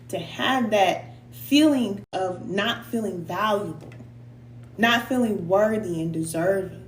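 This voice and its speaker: A woman's voice: mid-range voice, takes it slowly, roomy sound, a little hiss or hum. A middle-aged woman giving a heartfelt, preacher-like spiritual talk, at times emotional and sighing, with casual slang. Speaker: spiritual reader and coach. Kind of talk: live tarot reading and motivational talk.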